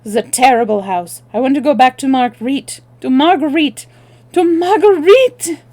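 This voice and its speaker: A woman's voice: fairly high pitch, moderate pace, close to an everyday voice. Woman putting on a bold young French maid. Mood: shrill. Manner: urgent and hushed, with French exclamations. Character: young French maid girl, quick and daring.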